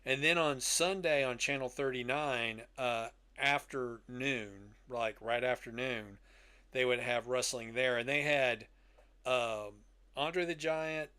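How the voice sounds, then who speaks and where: A man's voice: medium pitch, sharp tone, clean tone. A middle-aged man co-hosting a podcast, chatting wryly about old television. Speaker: podcast co-host. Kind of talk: casual chat.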